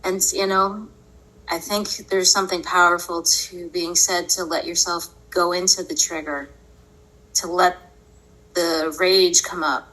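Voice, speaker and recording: A podcast host tells a personal story slowly and deliberately in a voice that's bright and forceful, yet on the low side with a level tone. She stays earnest but often breaks into laughter. The recording is rough.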